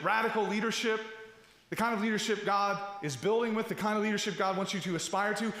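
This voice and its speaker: A man's voice: sits high, bright, forceful tone. A middle-aged man, a pastor, preaching a sermon in a conversational way, with restarts, asides and rhetorical questions. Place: large church hall. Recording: echoey church hall.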